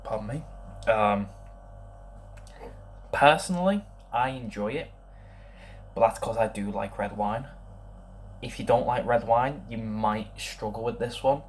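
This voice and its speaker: A young man giving a casual beer tasting review, thinking aloud and rambling with many pauses. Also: on the low side, slight background noise.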